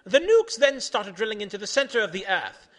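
A man doing a deadpan comic reading in deliberately broken English, in a mock-pompous manner, yelling the quoted lines. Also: high voice. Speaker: host reading comic stories.

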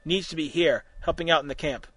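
A man's voice: on the high side, fairly quick, pushed and bright, husky, no echo. A man reading a story aloud, voicing a stern, short-tempered male camp leader who speaks curtly. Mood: exasperated.

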